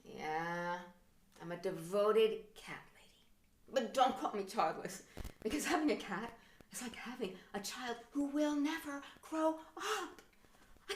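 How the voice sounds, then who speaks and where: A middle-aged woman performing a stand-up comedy monologue, theatrical, with sudden hushed whispers and mock outbursts. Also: on the high side. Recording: roomy echo.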